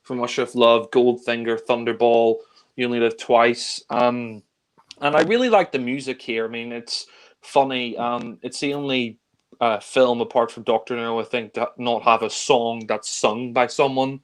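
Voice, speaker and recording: A man's voice: medium pitch, steady tone, moderate pace. A man co-hosting a casual film discussion, chatty and enthusiastic, rambling on with lots of asides.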